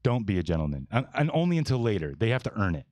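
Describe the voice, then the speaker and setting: A man in his forties with a very low voice hosts a casual podcast discussion. He talks bluntly and meanders, restarting sentences and piling on fillers. The sound is close and dry, with no room around it. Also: sing-song, racing, a little mellow, no room sound. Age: 40s. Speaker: podcast host.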